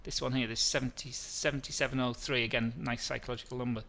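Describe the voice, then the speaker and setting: A middle-aged man hosts a live trading webinar with a bright, forceful voice. He rambles through charts at a mid pitch, restarting phrases and answering viewer questions as he goes. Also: steady tone, fast talker, creaky.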